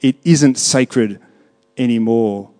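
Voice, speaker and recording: A man preaching a sermon, moving between hushed reflection and raised, emphatic delivery, often putting questions to his congregation. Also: mid-range voice, slow pace. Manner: conversational, asks the congregation questions. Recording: long reverb of a large hall.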